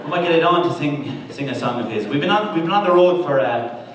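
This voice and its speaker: A man's voice: a little high, animated, a little fast. A man from Ireland, out of breath, chatting on stage between songs in a chatty, self-mocking way. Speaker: touring band member. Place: live music venue. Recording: echoey live room from far off, loud music.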